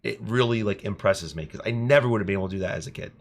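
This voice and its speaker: A man and teacher telling classroom stories in an earnest, animated podcast chat. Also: fairly low pitch, rapid-fire. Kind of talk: casual storytelling chat.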